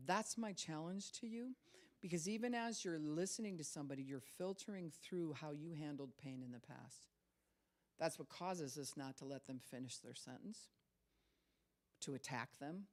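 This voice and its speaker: Storytelling woman pastor in her sixties. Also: fairly low pitch. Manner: storytelling, laughs often, acts out quoted voices. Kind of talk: sermon.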